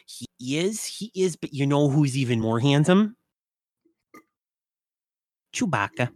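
Woman doing a gossipy aunt, shrill high voice, rambling, dry sound. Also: lively intonation, slow, darkish tone, dry recording. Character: gossipy middle-aged aunt, easily baffled.

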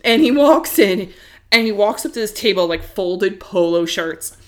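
A woman's voice: medium pitch, moderate pace. Woman chatty podcast storyteller, laughing often. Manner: animated storyteller, laughs often, many fillers. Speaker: podcast co-host. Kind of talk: casual chat.

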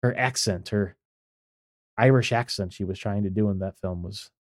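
A man's voice: lowish voice, normal speed, no echo, clean studio sound. A man co-hosting a podcast in casual chat, opinionated and blunt, with lots of "like" and "um" fillers. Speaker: podcast co-host.

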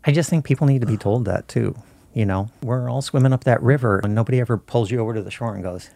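A man's voice: mid-range voice, quick pace, creaky, dark tone, no echo. A man in a casual interview, telling film-set stories in an easygoing way and acting out the dialogue. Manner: storytelling, easygoing, acts out dialogue. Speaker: film camera crew guest.

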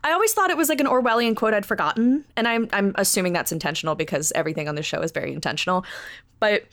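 A woman's voice: medium pitch, rapid-fire, fairly bright tone, no echo. A woman co-hosting a podcast, chatting casually and animatedly with lots of fillers and laughter. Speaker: podcast co-host watching a show for the first time. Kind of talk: casual chat.

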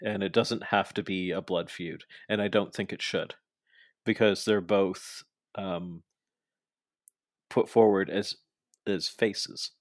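A young man talks through a wrestling card with a chatty, animated energy. His voice sits low, and the room sounds dry and close. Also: takes it slowly, no echo. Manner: chatty, animated, acts out quoted lines. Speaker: podcast co-host. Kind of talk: casual wrestling recap chat.

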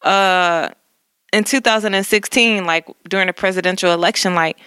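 A woman's voice: medium pitch, moderate pace, sharp tone, clear, resonant tone, no echo, studio quality. A woman co-hosting a casual talk, rambling with many "like"s and frequent laughter. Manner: rambling, heavy use of "like", laughs often. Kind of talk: casual conversation.

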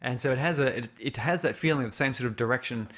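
A man's voice: mid-range voice, a bit bright. Man thoughtfully picking his words. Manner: thoughtful, searching for words, halting repeats. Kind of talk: casual film discussion.

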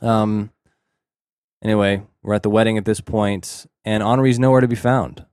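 A man's voice: fairly low pitch, fairly even intonation, normal speed, darkish tone, clear, resonant tone, no echo, studio quality. A man co-hosting a podcast, casually recapping a movie in a rambling way, often restarting his sentences. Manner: rambling, frequent restarts and hedging fillers. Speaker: podcast co-host.

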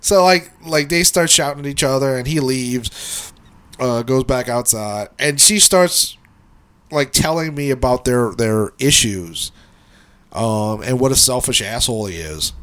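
A man's voice: medium pitch, unhurried, a bit bright. A man co-hosting a podcast, telling a rambling work story in casual chat, swearing often and laughing as he goes, with his allergies acting up. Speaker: podcast co-host.

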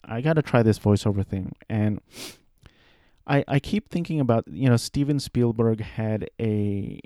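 A man in his thirties talking casually about his life, rambling and self-deprecating, with halting restarts. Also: fairly low pitch, mellow, dry recording, clean studio sound. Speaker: aspiring voice actor. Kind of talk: casual personal monologue.

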